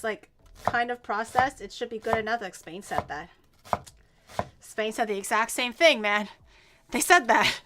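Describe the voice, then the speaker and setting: A woman VTuber streams herself cooking while chatting casually, animated and quick to laugh. She swears casually and pokes fun at herself, and her voice sits on the high side.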